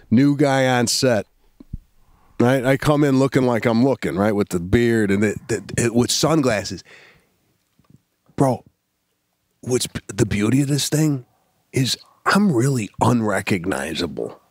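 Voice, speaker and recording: A man in his forties, a podcast co-host telling a story in a casual chat, animated and calling his friend "bro". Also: medium pitch, unhurried, long pauses, no room sound, clean studio sound.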